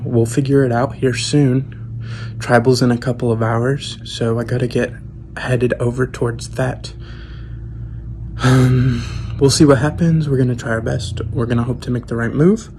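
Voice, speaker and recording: A young man thinks aloud in a measured reality-show confessional. His delivery stays flat and even. A faint hum sits behind him. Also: medium pitch. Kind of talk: confessional to camera.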